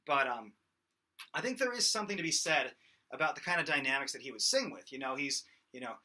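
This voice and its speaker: A man's voice: mid-range voice, very animated, racing, slightly rough. A young man teaching singing in a loose, rambling way, full of fillers. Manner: rambling, many fillers, breaks into loud sung demos. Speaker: vocal instructor. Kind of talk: casual singing lesson.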